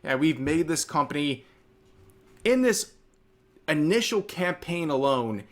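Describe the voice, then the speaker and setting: A man online creator ranting casually in a groggy morning voice, brisk and indignant. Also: fairly high pitch, lively intonation. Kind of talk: casual video rant.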